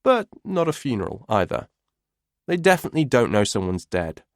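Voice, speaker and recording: A man reading a thriller audiobook in the first person, measured and a little wry. His voice sits at an ordinary middle pitch. The close studio recording is dry, with no room sound. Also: big pitch swings, no room sound. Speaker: audiobook narrator.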